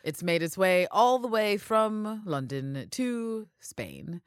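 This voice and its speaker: A woman co-hosting a casual podcast chat, speculating in an animated way and swearing freely. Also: medium pitch, takes it slowly, clear, resonant tone, no echo, clean studio sound. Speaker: podcast co-host.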